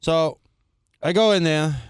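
A man's voice: a little high, takes it slowly, clean tone, no echo, clean studio sound. A man co-hosting a casual talk show, telling a long rant and acting out both sides of the exchange. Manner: animated, acts out both sides of a story, swears casually. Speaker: podcast co-host. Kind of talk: casual chat, storytelling rant.

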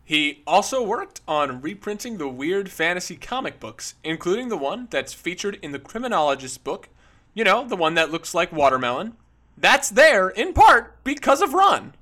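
Expressive, high-voiced man on a podcast. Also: moderate pace. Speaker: podcast co-host. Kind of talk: casual podcast chat.

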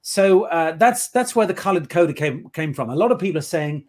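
A man's voice: on the high side, animated, brisk, a little mellow. A man on a casual interview, telling playful anecdotes about his work as an improv performer. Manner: chatty anecdotal storyteller, playful.

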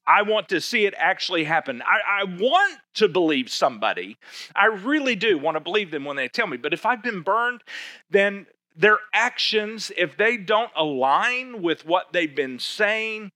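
Man, pastor, sermon, emphatic and chatty, rhetorical questions, fairly high bright voice. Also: no echo.

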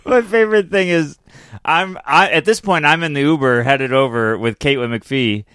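A man's voice: fairly high pitch, normal speed, a bit bright, smooth, no room sound, studio quality. Chuckling man chiming in with jokes. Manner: chuckling, joking back-and-forth with short replies. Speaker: podcast co-host. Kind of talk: casual chat.

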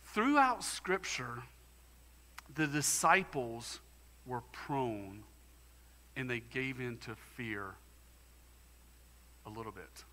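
A man's voice: medium pitch, lively intonation, drawn-out words, pauses often, bright, forceful tone, in a large hall. A man preaching a sermon as pastor, emphatic and conversational. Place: church sanctuary.

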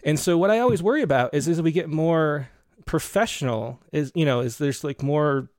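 A man's voice: fairly high pitch, normal speed, darkish tone. A man hosting an interview, speaking thoughtfully and searching for words. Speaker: podcast host. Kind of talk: conversational interview.

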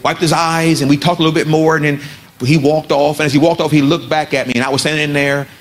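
High-voiced male preacher. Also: level tone, fast, faint music behind. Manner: storytelling, rising to fervent exhortation. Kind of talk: sermon.

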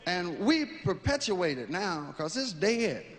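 Male comic, fairly high voice, reflective and profane, echoing hall, faint hiss. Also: very animated, takes it slowly. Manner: earnest, reflective, profane storytelling. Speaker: stand-up comedian. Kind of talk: stand-up comedy monologue.

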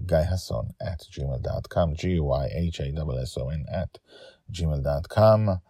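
A man narrating a story podcast in calm, measured short phrases, then chatting to listeners as host. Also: low voice, dry recording, studio quality.

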